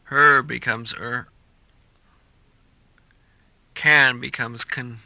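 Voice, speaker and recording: Slow, bright-voiced male English teacher. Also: mid-range voice, fairly even intonation, dry recording. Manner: slow, deliberate reading of example sentences for repetition. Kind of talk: scripted listening-practice narration.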